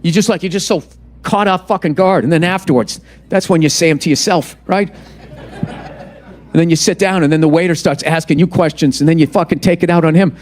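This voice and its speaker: A man's voice: a little high, fast, a little mellow. A man in his fifties doing stand-up on a club stage, ranting in an exasperated, profane way. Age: 50s. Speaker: stand-up comedian. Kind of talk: stand-up comedy routine. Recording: live audience and crowd noise.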